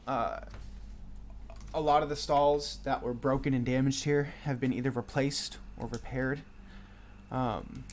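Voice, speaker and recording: A man narrating a tabletop game as game master, relaxed with frequent fillers. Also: mid-range voice, slight background noise.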